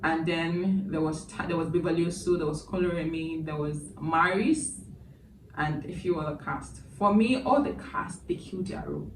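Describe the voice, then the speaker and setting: Woman movie reviewer, chatty, emotional asides, low voice, echoey room, noisy background. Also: normal speed. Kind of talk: casual spoken review. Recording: echoey room, distant mic, background noise.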